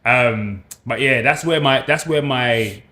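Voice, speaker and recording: A man's voice: medium pitch, takes it slowly, pushed and bright, slight background noise. A man in his thirties with a London accent, a sports presenter chatting as a podcast guest in a laid-back, slangy way, repeating phrases as he thinks. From South London, England. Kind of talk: casual podcast chat.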